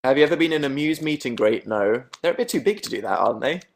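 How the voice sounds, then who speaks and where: A man's voice: medium pitch, lively intonation, fast talker, creaky, a little hiss or hum. A young man from England hosting a casual late-night livestream from his bedroom, reading viewer comments in a dry, sarcastic, self-mocking way. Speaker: livestream host.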